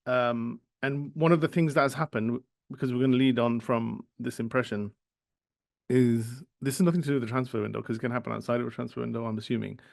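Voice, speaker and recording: A man with a Birmingham accent hosts a casual football podcast. His talk is chatty and rambling, full of fillers and tangents. His voice sits at a middle pitch and is recorded dry and close. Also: fairly even intonation, fast, vocal fry, a little mellow, no echo. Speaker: podcast host.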